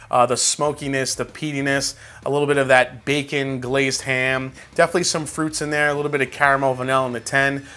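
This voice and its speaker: Bright-voiced man reviewing whiskey. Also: mid-range voice. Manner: relaxed, tasting between remarks. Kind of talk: casual review vlog.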